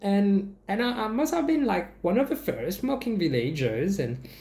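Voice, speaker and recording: A young Mauritian man with a Mauritian accent, giving casual comedic commentary in a sarcastic, swearing, animated way. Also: sits high, moderate pace, creaky. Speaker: vlogger. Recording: echoey room.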